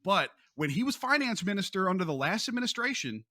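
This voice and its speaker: Upbeat male podcast host, bright tone, dry close mic, joking and animated. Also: high-pitched, quick pace, dry recording. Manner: lively, joking, with restarts. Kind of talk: casual podcast chat.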